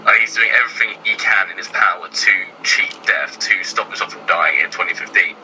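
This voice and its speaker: Hesitant, low-voiced male guest. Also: brisk, bright, forceful tone, slight background noise, low-quality recording. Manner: hesitant, lots of ums and sort of. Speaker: guest writer. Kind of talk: casual chat.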